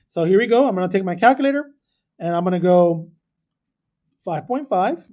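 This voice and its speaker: A man's voice: sits high, a little mellow. A male math teacher giving a chatty classroom lesson, often asking the class questions and wandering off on tangents. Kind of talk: classroom lesson, recorded for video. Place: classroom with students.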